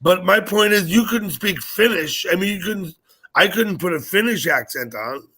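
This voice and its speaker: A man's voice: high-pitched, expressive, moderate pace, pushed and bright, breathy edge. A man hosting a live stream, chatting casually, teasing his guests while he keeps an eye on the chat. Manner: joking, teasing, distracted by chat. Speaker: stream host.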